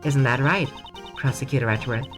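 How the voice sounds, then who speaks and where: A composed female judge from a video game, read by a woman. The delivery is formal and steady, in a low voice, with game music clearly behind. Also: fairly quick.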